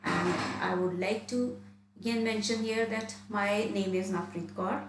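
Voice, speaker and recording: A woman's voice: medium pitch, steady tone, a little slow, reverberant, slight background noise, low-quality recording. A woman from India, an IELTS trainer, giving an online lesson and often restarting and repeating phrases as she explains.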